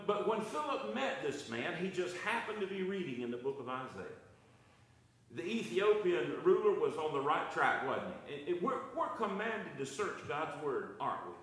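A man preaches at a Wednesday night Bible study, his voice pitched slightly high. He swings his emphasis up and down through each sentence, and the church room around him rings with heavy echo. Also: fairly bright tone. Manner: preaching with rising and falling emphasis. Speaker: pastor.

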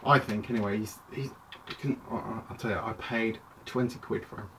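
A man talks through a toy review in a loose, chatty ramble, breaking off mid-thought and circling back. He is recorded from a distance at home, with clear background noise and plastic clicks under his voice. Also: on the low side, fairly even intonation, fairly quick, sharp tone. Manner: rambling, chatty, self-interrupting. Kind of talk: casual toy review vlog.

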